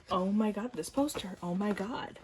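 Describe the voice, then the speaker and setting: A woman chatting casually to camera while unboxing, excitable and prone to gasps and squeals, then dropping into quiet mumbles. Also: medium pitch, a little hiss or hum. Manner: drops to quiet mumbles between outbursts. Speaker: vlogger unboxing albums.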